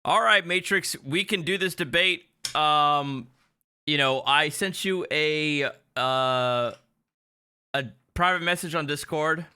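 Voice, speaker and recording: A man's voice: fairly high pitch, takes it slowly, sharp tone, smooth. A man, an attorney, giving sardonic, incredulous livestream commentary on clips he plays.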